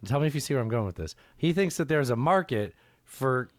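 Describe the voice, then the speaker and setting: A man co-hosting a podcast, rambling between jokes and laughing often. His pitch swings widely as he talks. He sits on a dry, close studio mic. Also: big pitch swings, a little fast, no echo. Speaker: podcast co-host. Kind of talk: casual chat.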